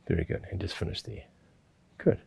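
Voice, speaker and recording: A man's voice: a little fast, dark tone, no room sound. A middle-aged man, teaching a qigong class and telling rambling stories with chuckles and restarts. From New Zealand. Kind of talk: instructional class with personal storytelling.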